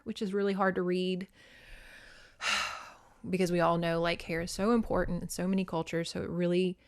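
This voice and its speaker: Chatty, foul-mouthed woman recapping a novel. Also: on the low side. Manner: chatty, swears a lot, acts out characters. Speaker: podcast host. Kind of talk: casual book recap.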